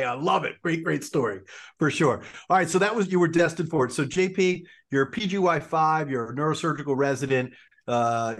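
A man's voice: medium pitch, a bit bright. A man hosting a podcast interview, upbeat and enthusiastic, often repeating himself. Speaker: podcast host, orthopedic surgeon.

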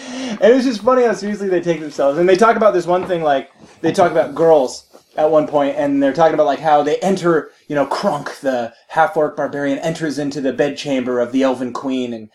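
A young man in relaxed conversation, with a somewhat high voice. He tells a rambling story with plenty of jokes and laughter. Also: fairly quick. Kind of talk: casual chat.

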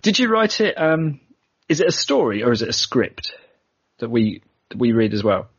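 A man's voice: medium pitch, sing-song, moderate pace, breathy edge, no room sound. A man with a British accent hosting a podcast, chatting casually and joking with a guest. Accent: British English. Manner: chatty and jokey, laughs often. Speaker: podcast host. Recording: dull lo-fi podcast audio.

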